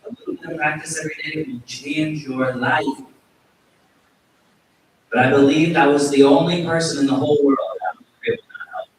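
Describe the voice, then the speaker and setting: A man's voice: a little high, a little fast. Male yoga teacher, temple talk, self-deprecating storyteller; big hall echo, mic set far back. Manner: self-deprecating, animated storytelling with acted quotes. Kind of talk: sermon with storytelling. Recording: very echoey hall, distant mic, faint hiss.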